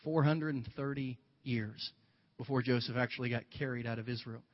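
A male pastor giving a conversational, animated sermon, retelling a Bible story with playful asides. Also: medium pitch, normal speed, long reverb tail, dull audio.

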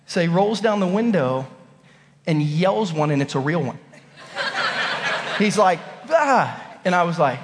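Pastor, man, 30s, high voice, animated storyteller, church sermon with long hall echo. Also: a little slow, long pauses, noisy background. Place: church sanctuary.

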